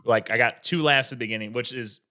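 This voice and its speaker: A male comedian talks through his craft in loose, meandering sentences that are full of swearing and restarts. His tone is bright and forward. His pitch sits in the middle for a man. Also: quick pace, slight background noise. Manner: rambling, profane, full of restarts. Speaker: stand-up comedian, guest. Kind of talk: casual interview chat.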